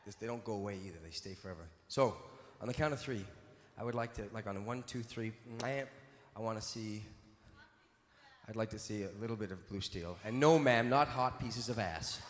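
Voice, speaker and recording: A man's voice: on the low side, brisk. A man on stage teasing a live audience in a playful, mock-indignant way. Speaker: comedic performer on stage. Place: large venue on stage. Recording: echoey hall, live room ambience.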